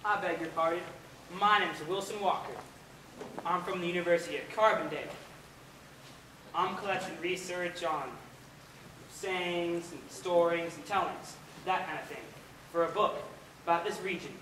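A young actor as a polite outsider researcher. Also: male voice, high voice, normal speed, pauses often, sharp tone. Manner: polite, formal. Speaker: actor in a school play. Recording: roomy stage sound from far off, noisy.

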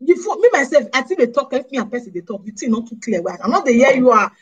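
A woman with a Nigerian Pidgin accent delivers a lively monologue to camera, her voice husky and a little breathy. She scolds her listeners and fires rhetorical questions at them one after another. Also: high-pitched, quick pace, muffled recording. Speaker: vlogger.

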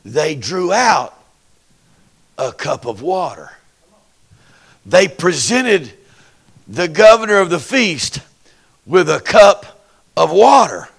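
Preacher, male, gravelly, unhurried delivery, acts out voices and draws responses from the crowd. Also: sits high, fairly bright tone. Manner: folksy, dramatic, acts out voices, call-and-response. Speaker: pastor. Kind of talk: Pentecostal sermon.

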